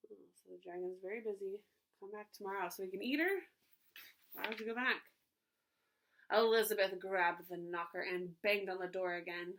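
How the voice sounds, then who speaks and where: A woman, a preschool teacher, reading a storybook aloud to children in an animated way, pausing to ask them questions. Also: mid-range voice, a little hiss or hum, low-quality recording. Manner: animated, asks listeners questions.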